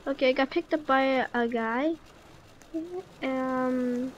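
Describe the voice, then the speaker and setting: A woman hosting a gaming video, talking through each move aloud and easily alarmed, often repeating "no, no, no" in quick streams. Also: high voice, steady tone, highs cut off, a little hiss or hum. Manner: chatty, talks through every move aloud. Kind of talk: let's-play game commentary.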